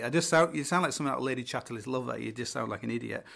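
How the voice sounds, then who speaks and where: A man's voice: medium pitch, fast, vocal fry, few pauses, fairly bright tone. A middle-aged man with a northern English accent, hosting a podcast and telling stories in a rambling way, full of fillers and swearing. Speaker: podcast host. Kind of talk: casual storytelling.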